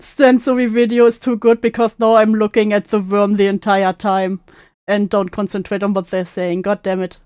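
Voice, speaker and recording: A woman's voice: mid-range voice, little pitch movement, moderate pace, darkish tone, smooth, no echo, clean studio sound. A woman streamer reacting to an old call clip, sarcastic and laughing, mockingly repeating what she hears. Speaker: commentary streamer.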